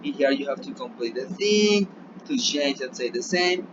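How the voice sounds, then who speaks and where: A man's voice: medium pitch, animated, moderate pace. A man with a Colombian Spanish accent, a native Spanish speaker, teaching an English lesson remotely and often checking in with "yeah?". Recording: dull lo-fi recording with noticeable background noise.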